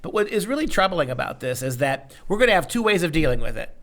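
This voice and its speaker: A man's voice: on the high side, very animated, fast talker, fairly bright tone. A man hosting a casual opinion talk show, joking in a sarcastic, mock-serious way. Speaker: show host and education lecturer.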